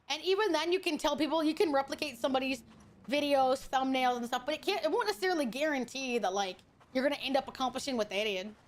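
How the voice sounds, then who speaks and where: High-voiced, profane woman streamer. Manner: chatty, profane, greets chatters affectionately. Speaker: VTuber streamer. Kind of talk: casual gaming stream chat.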